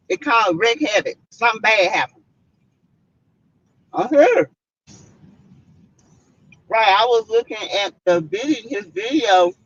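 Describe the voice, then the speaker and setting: Slow, lively Southern woman chatting live. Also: a little high, no echo. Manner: chatty, lots of "mm-mm" and "y'all". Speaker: livestream host. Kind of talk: casual live-stream chat. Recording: slightly muffled lo-fi stream audio.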